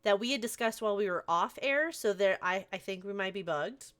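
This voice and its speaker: A woman's voice: mid-range voice, lively intonation, a little fast, fairly bright tone. A woman streaming a game live, chatting casually and gushing over her chat. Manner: bubbly, gushes over chat.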